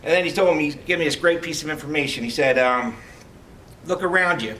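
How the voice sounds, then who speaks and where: A middle-aged man giving a heartfelt farewell speech as a retiring police lieutenant, telling stories with halting restarts. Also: on the high side, bright, forceful tone. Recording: distant mic, faint background noise.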